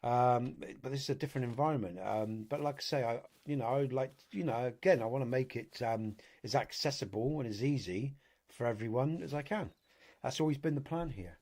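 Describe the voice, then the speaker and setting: A man's voice: mid-range voice, a little fast, a little mellow. A man with a British accent hosting a live game stream, rambling chattily to his viewers with frequent swearing and fillers. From Britain. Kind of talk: casual live-stream chat while playing a hunting game.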